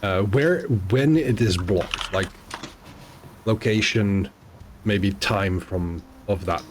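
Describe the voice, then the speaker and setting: A man streaming a tabletop game session, speaking in a halting way full of fillers. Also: fairly low pitch, background noise. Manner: halting, filler-heavy speech. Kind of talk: casual chat.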